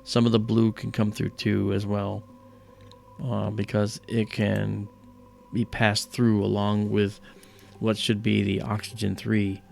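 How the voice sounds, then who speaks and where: A man's voice: fairly low pitch, completely flat delivery, slow, vocal fry, darkish tone, slight background noise. A middle-aged man hosting an astronomy livestream, chatting casually and rambling with lots of "you know".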